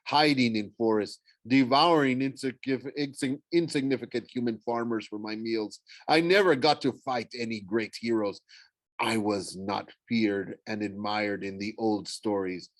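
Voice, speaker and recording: A man's voice: lowish voice, measured pace, no room sound, lightly acted. A man voicing a hungry, boastful male monster with a heavy French accent, reading an audiobook. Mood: gloating. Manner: sneering, boastful.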